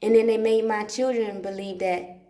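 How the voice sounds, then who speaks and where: Woman, casual rambling monologue, profane and repetitive, mid-pitched voice, echoey room at home. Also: steady tone, normal speed, mellow. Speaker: livestream host.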